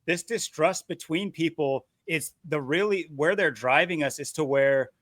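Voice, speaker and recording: A man's voice: a little high, a little slow, a bit bright, no room sound, studio quality. A man co-hosting a podcast in casual chat, talking intensely and building an argument. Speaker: podcast co-host.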